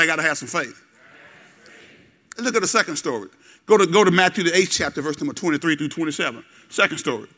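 A man preaching a call-and-response sermon, folksy and direct with the congregation, repeating words and building to shouts. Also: high-pitched. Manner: folksy, talks straight to the congregation. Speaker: pastor.

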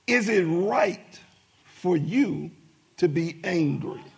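A man's voice: sits high, lively intonation, takes it slowly, gravelly, slightly rough. A middle-aged man preaching a sermon as pastor, with emphatic rising bursts and many repetitions.

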